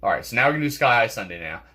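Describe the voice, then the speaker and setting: A young male gaming channel host, stuffy and congested and clearing his throat, rambles through casual gameplay commentary packed with fillers and repeated words. His medium-pitched voice is very animated, fast, sharp and slightly rough, with game music playing behind.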